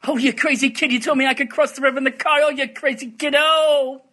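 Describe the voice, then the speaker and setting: A man doing an impression of an old-timey celebrity, with a rapid, slurred delivery. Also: very high voice, fairly even intonation, bright, forceful tone. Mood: fussing.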